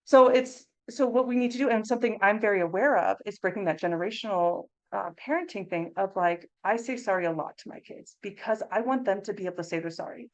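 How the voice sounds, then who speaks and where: A woman in her thirties, an early childhood mental health consultant, giving an animated, conversational training talk to educators. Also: medium pitch, low-quality recording. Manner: animated, conversational, acts out classroom phrasings in a bright teacher voice.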